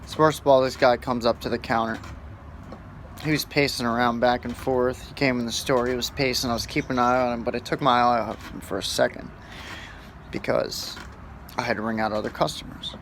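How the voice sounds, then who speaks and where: A man's voice: mid-range voice, steady tone, a little fast, fairly bright tone, slight background noise. A man who works as a store shift supervisor, telling a story in a casual, blunt and profane way, rambling with fillers.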